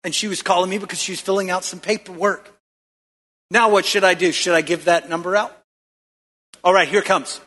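A man's voice: high voice, fairly even intonation, a little fast, pauses often, sharp tone, in a large hall. A male pastor preaching a sermon in a church, throwing questions out to the congregation and calling for answers.

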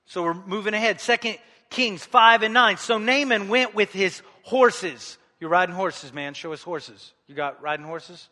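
A man preaching a sermon in a church, animated, acting out the scripture story and calling the congregation to join in. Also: high-pitched, a little slow. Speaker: pastor. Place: church hall. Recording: long hall reverb.

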